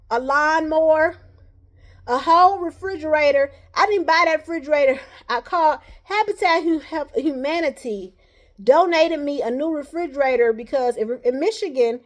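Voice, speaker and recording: A woman talking to camera in a casual vlog, rambling and earnest, often tagging her points with "all right.". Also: sits high. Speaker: vlogger.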